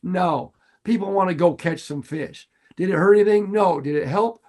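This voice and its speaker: Earnest middle-aged man, slightly high voice. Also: normal speed, darkish tone. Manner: earnest and heartfelt, repeats phrases for emphasis. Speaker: fishing guide and podcast host. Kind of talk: casual podcast talk.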